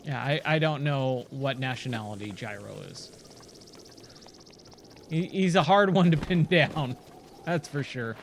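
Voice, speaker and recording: A man's voice: medium pitch, animated, a little slow, pauses often, a little hiss or hum. A man streaming a video game, chatting casually and reading the on-screen text aloud. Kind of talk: casual let's-play commentary.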